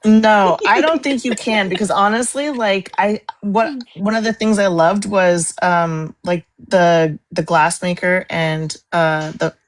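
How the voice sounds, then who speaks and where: A woman co-hosting a casual live-stream book chat, excitable and dramatic and quick to laugh. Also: mid-range voice. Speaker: book club co-host.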